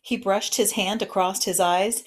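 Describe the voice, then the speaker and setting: A woman narrating a children's novel aloud in a gentle, expressive storytelling manner. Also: medium pitch, unhurried, slight background noise.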